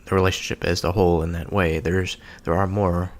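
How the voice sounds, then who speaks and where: A man giving a slow, halting contemplative reflection on a scripture reading, pausing often and thinking aloud as he goes. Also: low voice, little pitch movement. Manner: slow, halting, with many pauses and fillers. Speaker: solo speaker reflecting on scripture.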